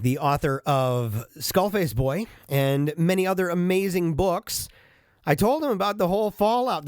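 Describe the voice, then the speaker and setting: Guy rambling into his studio mic, bit high voice, joking at himself, dry close sound. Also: no room sound. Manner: chatty, self-mocking and animated. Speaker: vlogger and podcast host. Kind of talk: casual monologue to camera. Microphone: studio microphone with headphones.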